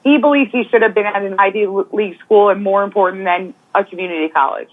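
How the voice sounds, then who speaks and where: A woman's voice: mid-range voice, quick pace. A woman guest giving speculative, opinionated views in a casual true-crime discussion over a phone call. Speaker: guest commentator. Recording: tinny phone line.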